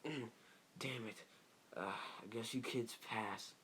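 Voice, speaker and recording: A calm, teasing adult male ninja teacher, as a man puts him on while retelling a story. He sounds relaxed and offhand, at an ordinary middle pitch, with faint hiss behind. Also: slow pace. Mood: grudging.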